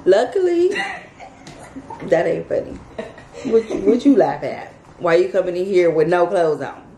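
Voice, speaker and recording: A woman vlogger telling a story to her viewers in a casual, animated, chatty way. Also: lowish voice, slow pace. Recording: echoey room, faint background noise.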